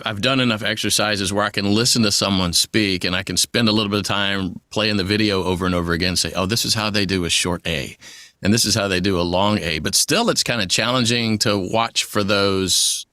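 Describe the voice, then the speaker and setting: A man's voice: lowish voice, fairly even intonation, pushed and bright, no room sound. Man, voice actor guest, chatty and rambling, dry close mic. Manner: chatty, rambling, quick asides. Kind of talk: conversational interview.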